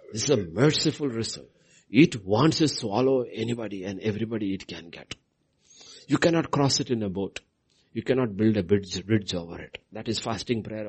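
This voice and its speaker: A man preaching a sermon, swinging from loud proclamations to hushed, near-whispered lines and repeating key phrases for emphasis. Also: on the low side, slightly rough.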